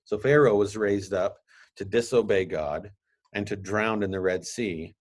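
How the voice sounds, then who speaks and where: A man hosting a podcast, reading scripture aloud and explaining it in a casual, halting way with asides. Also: lowish voice. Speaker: podcast host. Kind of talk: casual Bible teaching.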